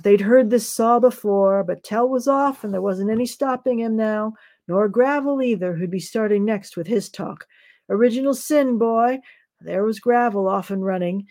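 A woman novelist reads a passage of her own fiction in a measured, unhurried way. Her voice is mellow and relaxed, sitting at an ordinary pitch.

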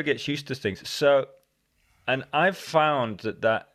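The podcast host here speaks slowly, his medium-pitched voice a bit bright, recorded cleanly in a studio without echo. Chatting casually, he wanders through self-correcting sentences and frequently repeats his own words as quotes.

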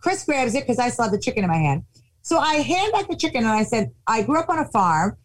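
A high-voiced woman tells a story in an easygoing chat. Her pitch leaps up and down as she acts out each person's lines with animated energy. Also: quick pace, low-quality recording. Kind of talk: casual anecdote.

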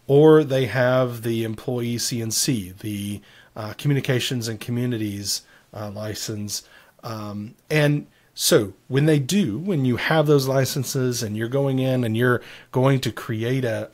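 On a casual tech podcast, a male co-host with a middle-pitched voice explains software features at length. He slips joking asides in along the way.

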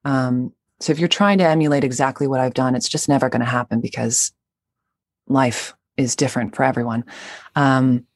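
A woman actor chatting as a guest in a casual interview, bubbly and quick to laugh. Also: a bass voice, fairly even intonation, no room sound.

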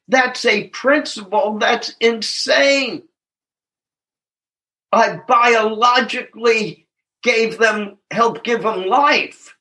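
With a high, pushed, bright voice and a slow delivery, a man in his seventies offers a heartfelt recovery testimony at a meeting. He reflects earnestly, emphasizes key words, and chuckles at his own expense.

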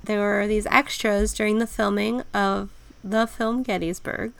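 A woman's voice: medium pitch, flat delivery, a little slow, vocal fry. A woman co-hosting a podcast, easygoing and agreeable as she tells a ghost story. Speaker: podcast co-host. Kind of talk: casual chat.

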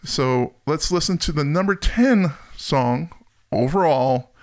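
A man's voice: on the high side, expressive, takes it slowly. A man co-hosting a podcast in casual chat, chatty and laughing often. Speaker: podcast co-host.

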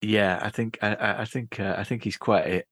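Low-voiced man, halting. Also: fairly even intonation, fairly bright tone, no room sound. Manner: halting, many fillers and restarts. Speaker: podcast co-host. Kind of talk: casual book discussion.

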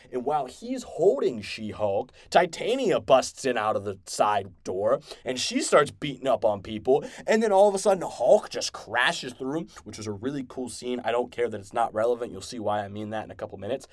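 A man hosting a podcast, excitedly recapping and reviewing an episode in a rambling, casual way with many restarts. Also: mid-range voice, normal speed, hardly any pauses, no room sound, studio quality. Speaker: podcast host.

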